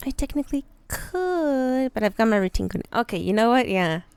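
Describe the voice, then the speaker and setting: A woman's voice: fairly high pitch, expressive, moderate pace, a little mellow, clear, resonant tone, no echo. A woman streaming live, chatting casually with her viewers, greeting them and laughing often. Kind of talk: casual livestream chat.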